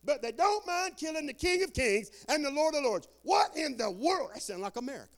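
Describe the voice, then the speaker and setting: An older man preaches a sermon in a homespun, folksy way. He keeps calling out for amens. He swings from shouted bursts down to low, quiet asides. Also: very animated, a little fast. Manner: folksy Southern preaching, calls for amen, swings loud and soft.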